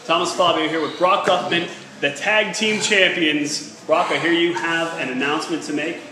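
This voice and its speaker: Formal high-voiced man reading, echoey. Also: fairly even intonation, noisy background. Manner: measured, formal reading with dry asides. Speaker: backstage interviewer. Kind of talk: reading a formal statement aloud.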